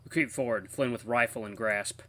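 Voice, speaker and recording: A man's voice: medium pitch, fairly quick. A man hosting a let's play, chatting casually and reading a visual novel's narration aloud with expression. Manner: animated, reads narration with expression, laughs.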